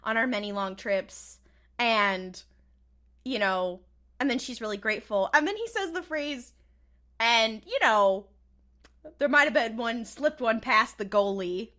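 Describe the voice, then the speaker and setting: A bright, lively woman co-hosting a podcast and recapping a TV episode in easy, casual chat. She laughs often and swings her voice up and down as she mimics the characters in flat, mocking tones. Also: fairly high pitch, unhurried. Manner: animated, laughs often, acts out lines in flat mock voices. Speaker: podcast co-host.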